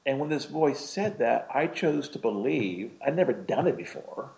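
Gravelly-voiced man preaching casually. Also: medium pitch, lively intonation, moderate pace, a little mellow, low-quality recording. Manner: casual, rambling, frequent "you know" and "right?". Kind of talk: conversational sermon with personal story.

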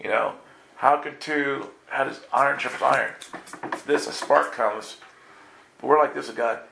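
A man preaching a lively live sermon, playful and quizzing his congregation. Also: medium pitch, normal speed, creaky, a little hiss or hum. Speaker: pastor.

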